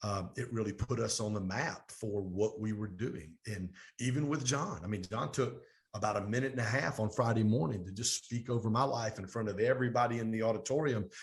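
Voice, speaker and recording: A middle-aged man, a business coach and guest on an interview show, telling stories with energy and acting out the quoted talk of others. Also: fairly low pitch. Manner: energetic, fast storytelling with animated quoted dialogue. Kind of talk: storytelling interview.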